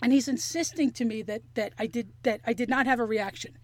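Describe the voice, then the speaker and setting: High-voiced woman telling a wild story. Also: a little fast, no room sound. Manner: animated, profane, acts out quotes. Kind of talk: casual storytelling chat.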